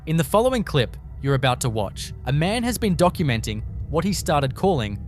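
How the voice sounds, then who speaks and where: A man narrating a horror compilation in a slow, ominous storytelling style, with scripted delivery. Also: a little high, very animated, soft background music.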